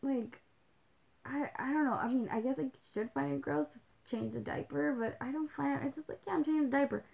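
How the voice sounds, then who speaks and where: A young woman hosting a livestream in loose, chatty talk, her voice fairly high and full of gravelly vocal fry. She rambles along with plenty of "like"s and drops in a Spanish phrase here and there. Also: moderate pace, darkish tone. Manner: chatty, rambling, with many "like"s and little laughs. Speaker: livestream host. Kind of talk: casual chat.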